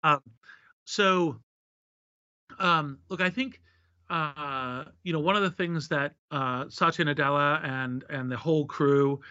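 Male interview guest, bright and pushy tone, expansive talker, dry dull lo-fi audio. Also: a little high, slow, smooth, no room sound. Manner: expansive, talks in long running lists and acted-out examples. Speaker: guest, tech investor. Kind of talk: live interview answers. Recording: dull, slightly lo-fi dry sound.

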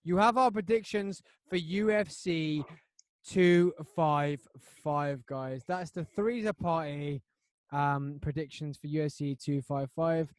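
A man hosting a casual podcast chat from a home studio, excitable and quick to laugh. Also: fairly high pitch, dry recording. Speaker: podcast host.

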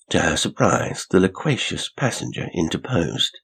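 Brief: male audiobook narrator, deep, raspy, steady storytelling. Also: measured pace. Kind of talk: audiobook reading of a mystery story.

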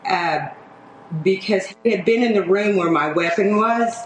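A woman's voice: medium pitch, unhurried, roomy sound, slight background noise, low-quality recording. An older woman, a retired sheriff's deputy, speaking in a firm, matter-of-fact way in an interview.

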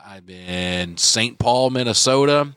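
A man's voice: mid-range voice, slow pace, a bit bright, clear, resonant tone, no room sound. A male comedian chatting as a podcast guest, easygoing and modest. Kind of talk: interview chat.

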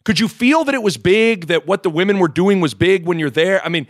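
Male podcast host, animated storyteller, laughs easily, dry close mic. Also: high-pitched, a little fast, no room sound. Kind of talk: casual podcast chat, storytelling.

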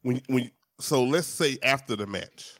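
A man's voice: medium pitch, measured pace, fairly bright tone, no echo. A man co-hosting a podcast in casual chat, slangy and full of restarts, often tagging you know what I mean. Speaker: podcast co-host.

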